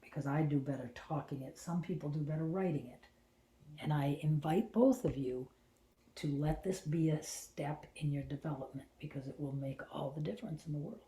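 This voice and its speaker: A middle-aged woman, a host and spiritual channeler, tells a personal story with animation at a moderate pace. Her voice is low and mellow, dropping into hushed whispers for her inner thoughts, and the room is echoey and roomy around her.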